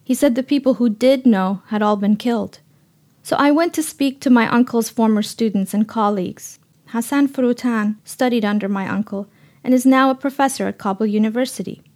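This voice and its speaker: A woman reporter tells her story in a measured, scripted radio narration. Her voice sits a little high and her delivery stays steady and sober throughout. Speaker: freelance reporter.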